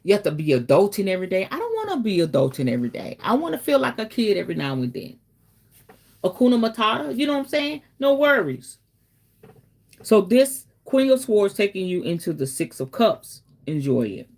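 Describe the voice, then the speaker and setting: A woman's voice: medium pitch, big pitch swings, fairly quick, darkish tone. A woman hosting a casual spiritual talk, chatty and preachy, often calling listeners baby and checking in with okay. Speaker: spiritual reader and host.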